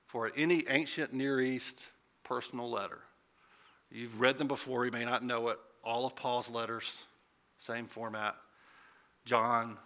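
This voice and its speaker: A man's voice: medium pitch, bright, forceful tone. A man preaching a conversational sermon, asking rhetorical questions and building to emphatic points. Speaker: pastor.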